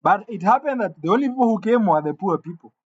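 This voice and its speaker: A man's voice: high voice, fast, breathy edge. Man telling a comic gossip story, lo-fi. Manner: animated, with stammered restarts and sudden jumps into quoted voices. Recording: dull lo-fi sound.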